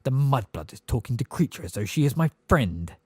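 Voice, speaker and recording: A man voicing a hunched, spiteful old male house elf with a hoarse, deep voice, muttering resentfully under his breath. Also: sing-song, fairly quick, warm tone, no echo. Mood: muttering, bitter.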